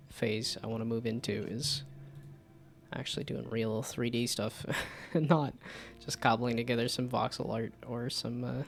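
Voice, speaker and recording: A man streaming live, talking through his game projects in a loose, rambling way. He often restarts his sentences and pokes fun at his own work. His voice sits at a medium pitch, with faint music playing behind him. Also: gravelly. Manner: rambling, self-deprecating, frequent restarts. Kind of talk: casual live-stream chat.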